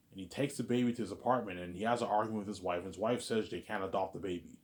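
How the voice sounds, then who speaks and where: A man's voice: deep voice, fairly even intonation, very fast, few pauses. A man casually retelling a story in a rambling way, repeating words and often adding fillers.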